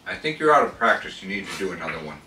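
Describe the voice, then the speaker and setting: A man's voice: sits low, big pitch swings, rapid-fire, sharp tone, distant mic. A man, the father of the family, teasing the cook about her baking in casual family chat. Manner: teasing, offhand verdicts. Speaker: family member tasting. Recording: echoey room, off-mic, faint hiss.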